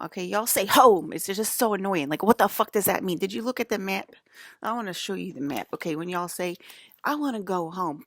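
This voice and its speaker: A woman's voice: on the low side, no echo, clean studio sound. A woman talking straight to her viewers in a loose, rambling monologue, swearing freely and laughing often. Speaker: vlogger.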